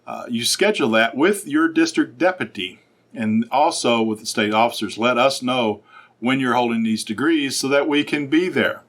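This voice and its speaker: A man's voice: medium pitch, a bit bright. Earnest man giving leaders advice. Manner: earnest, advising, with frequent "uh" pauses. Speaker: state secretary of a fraternal order. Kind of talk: instructional talk to council leaders.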